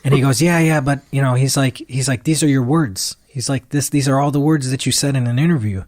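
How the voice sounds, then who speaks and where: A man's voice: mid-range voice, fairly quick, no room sound, clean studio sound. A man in his thirties, a guest musician, telling a long story in an interview and acting out what people said to him. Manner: animated retelling that acts out quoted dialogue.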